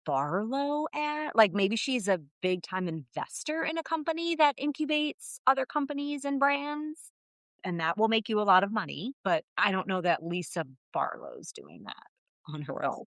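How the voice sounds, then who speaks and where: A woman's voice: mid-range voice, very animated, normal speed, a bit bright, no echo. Chatty woman agreeing on a podcast. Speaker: podcast co-host. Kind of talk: casual reality-TV recap chat.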